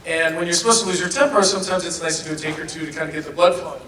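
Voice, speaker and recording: A man answering fan questions at a convention panel, telling stories in a lively way and laughing often. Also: fairly high pitch, rapid-fire, a crowd in the background. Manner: animated, laughing storyteller. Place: convention hall. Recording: echoey hall, from far off.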